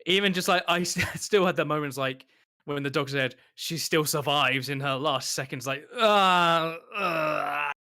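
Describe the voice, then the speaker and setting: A man with a bright, pointed voice chats eagerly on a podcast. His speech comes in halting bursts, and he often breaks into a laugh. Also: on the high side, fairly even intonation. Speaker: podcast co-host. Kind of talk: casual chat.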